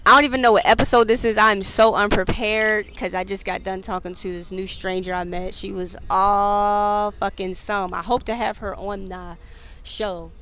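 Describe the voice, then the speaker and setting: Chatting casually on her own podcast, the host speaks at normal speed in a mid-range voice. She's open and profane, laughing frequently, and she brings quoted conversations to life by acting them out.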